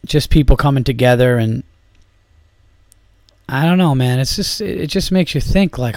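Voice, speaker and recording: Profane ranting comedian host, dry sound. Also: male voice, medium pitch, a little slow, pauses often, darkish tone, smooth, no room sound. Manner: rambling, heavy swearing, fillers. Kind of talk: profane solo podcast rant.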